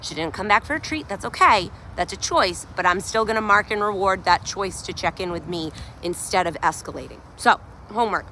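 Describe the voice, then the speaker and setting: A woman dog trainer talking through a live outdoor training session, praising the dog in high excited bursts between her explanations. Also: brisk. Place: outdoors by a sidewalk. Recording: faint outdoor noise, at times far from the camera.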